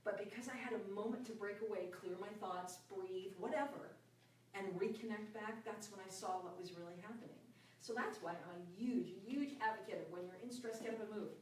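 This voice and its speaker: Woman doing a heartfelt self-help talk, gets soft n quiet sometimes, really echoey room, faint background hum. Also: a little fast, distant mic. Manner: earnest, often drops to a soft, low voice. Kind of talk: reflective personal talk.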